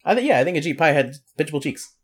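Young man, podcast co-host, casual rambling chat, lively pitch. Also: rapid-fire, husky. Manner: rambling, lots of "like" fillers, laughs often.

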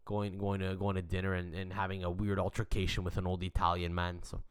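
A young adult man hosting a podcast, telling a story in a rambling, profane, animated rant. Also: low-pitched, fairly quick, smooth. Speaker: podcast host.

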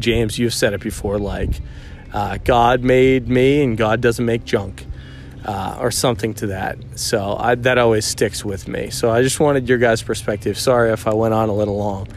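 A man's voice: lowish voice, steady tone, moderate pace, gravelly, faint music behind. A man hosting a podcast, talking in a rambling, casual way with many fillers and restarts. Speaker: podcast host.

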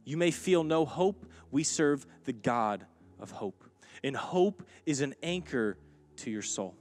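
A man's voice: medium pitch, animated, takes it slowly. Man preaching an emphatic sermon. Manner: building from quiet to emphatic preaching, acting out quoted lines. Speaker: pastor. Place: church sanctuary.

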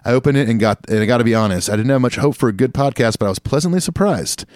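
A man's voice: mid-range voice, animated, very fast, darkish tone, dry recording, studio quality. A man co-hosting a podcast, reading listener emails aloud with joking asides. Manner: reads emails aloud with joking asides and a put-on Australian accent. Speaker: podcast co-host.

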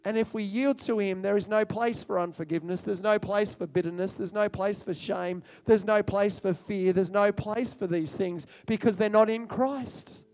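A man preaching a sermon in a loud, excitable and emphatic way. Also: sits high, normal speed, few pauses.

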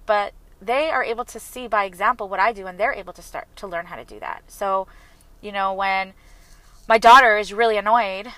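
A woman's voice: medium pitch, pushed and bright, no room sound, rough recording. A woman speaking earnestly and openly about her own growth in a personal, reflective talk.

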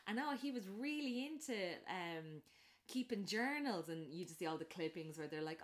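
A woman chatting casually, retelling a film plot and acting out the characters' lines, with lots of fillers. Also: normal speed. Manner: animated storytelling, acts out characters' lines in a raised pitch; many fillers and restarts.

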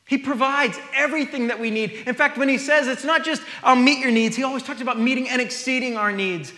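A man's voice: extremely high pitch, fairly quick, bright, forceful tone, roomy sound, big-room sound. A man preaching a sermon, reading scripture aloud and then explaining it in a conversational way.

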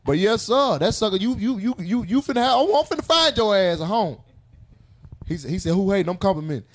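A man telling stories in an animated, profane way, hosting a casual podcast chat. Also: high voice, a little fast.

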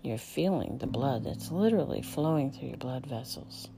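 A woman guiding a relaxation meditation in a slow, soft, half-whispered voice, with music playing underneath. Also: extremely low pitch, lively intonation, noisy background. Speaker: meditation guide. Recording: clear instrumental music underneath.

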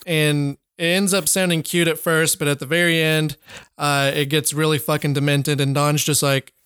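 A man's voice: a little high, flat delivery, normal speed, a bit bright, smooth, no room sound, clean studio sound. A man co-hosting a casual movie-review podcast, recapping the plot with fillers and the odd swear word. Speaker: podcast co-host.

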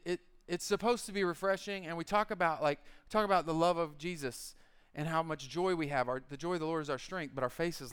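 A man preaches a casual sermon full of jokes and quick acted-out lines. His voice sits high for a man. It sounds clean and smooth. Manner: animated, joking storyteller who acts out quotes. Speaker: pastor. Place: church.

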